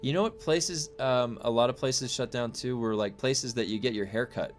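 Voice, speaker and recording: This young American streamer talks at a moderate pace in a mid-range voice, reading comments aloud. He chats casually and rambles, often restarting sentences and leaning on fillers.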